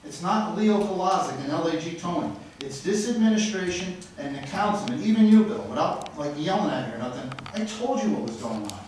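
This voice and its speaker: With a fairly high pitch and lively intonation, a resident talks fairly quickly and barely pauses during public comment at a city council meeting. He's frustrated, blunt and rambling, getting loud and accusatory. There's a little hiss or hum, and the distant recording echoes heavily around the council chamber.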